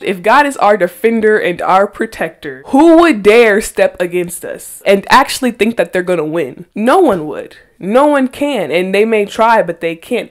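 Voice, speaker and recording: A woman hosting a faith podcast, earnestly reading Bible verses aloud and pressing her points with emphatic rhetorical questions. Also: mid-range voice. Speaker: podcast host.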